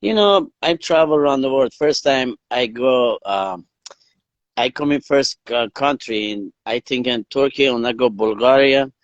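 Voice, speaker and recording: A man's voice: mid-range voice, a little slow, dry recording, highs cut off. A man from northern Iran with a Persian accent, telling his stories in broken English as a guest on a video call livestream. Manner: broken English, animated storytelling. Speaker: guest, endurance athlete. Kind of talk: casual interview storytelling.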